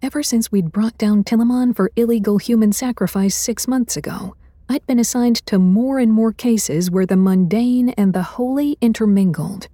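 A woman reading first-person fantasy fiction as narrator in a measured, wry way. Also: fairly high pitch, warm tone, dry recording, studio quality.

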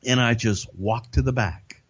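A man casually telling an animated, profanity-laced backstage anecdote as a podcast guest. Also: mid-range voice, a little slow, breathy edge, lo-fi sound.

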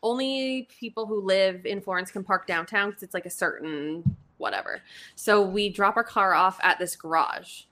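A young woman guest joins a casual podcast chat and tells her story full of fillers. Her voice is bright and sits at a middle pitch. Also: moderate pace.

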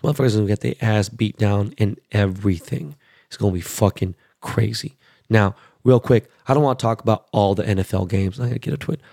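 Gravelly, profane man ranting about sports. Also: lowish voice, a little fast, no room sound, studio quality. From Los Angeles. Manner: profane, blunt and excitable. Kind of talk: casual sports rant.

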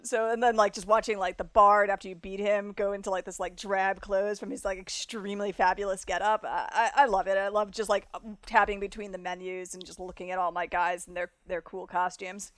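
Woman, from South Florida, podcast co-host, chatty, rambling, middle pitch, dry close sound. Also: steady tone, dry recording. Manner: chatty and rambling, many fillers, quick to laugh. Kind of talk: casual podcast chat.

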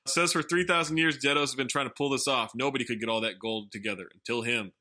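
Man, podcast host, bright voice, casual movie recap, sardonic asides. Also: mid-range voice, steady tone, fast talker.

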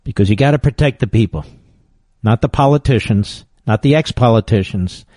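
A man's voice: medium pitch, moderate pace, warm tone, no echo. A man hosting political talk radio, combative and emphatic in his commentary, often scornful. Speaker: radio talk show host.

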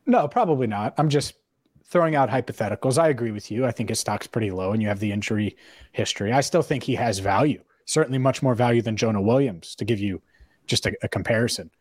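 Dry-sounding podcast host, opinionated. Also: male voice, medium pitch, fast, a little mellow, no echo. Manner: opinionated, thinks aloud with hypotheticals. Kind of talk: casual sports podcast chat.

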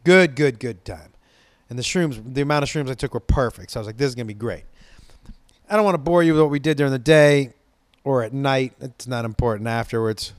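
A man's voice: mid-range voice, fairly quick, no room sound. A man from Los Angeles telling a casual, rambling story, swearing freely and restarting his sentences as he goes. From Los Angeles, USA. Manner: rambling, profane, excitable.

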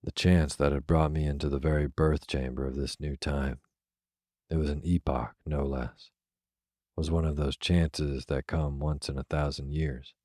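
A man reading a classic novel aloud as a soft, unhurried bedtime story. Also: extremely low pitch, no room sound, clean studio sound. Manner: soft, even, unhurried delivery. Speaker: narrator. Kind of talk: slow, soothing sleep-story reading.

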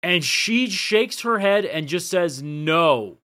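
A man's voice: high voice, expressive, slow pace, bright, forceful tone. A man co-hosting a podcast, casually recapping scenes and dropping the odd swear. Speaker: podcast co-host.

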